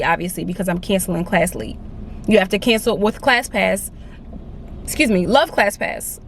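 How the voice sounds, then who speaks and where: Speaking at a medium pitch, a young woman in her twenties vlogs from her car and then on a walk, keeping things chatty and animated with plenty of "like." She's a lifestyle vlogger, and there's a little hiss or hum in the audio.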